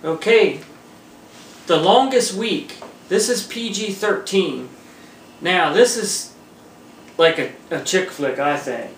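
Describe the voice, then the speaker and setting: A man hosting a casual home movie review, chatting in a relaxed way and laughing between points. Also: high voice, slow pace, pauses often. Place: room at home by a table. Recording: roomy echo, mic far off, faint hiss.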